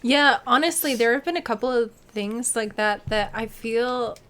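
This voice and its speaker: A young woman guest in casual chat, a lively storyteller who acts out what people said. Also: a little high, normal speed. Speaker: podcast guest, co-streamer.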